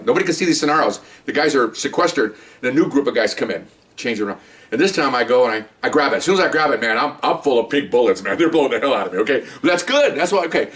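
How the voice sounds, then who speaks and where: Fast-talking middle-aged cop telling stories. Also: male voice, medium pitch. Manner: animated, acts out scenes with quoted voices; loose, rambling, frequent "okay?" and "you know". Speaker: police detective and supervisor. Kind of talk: casual storytelling. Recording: voice a bit distant from the mic.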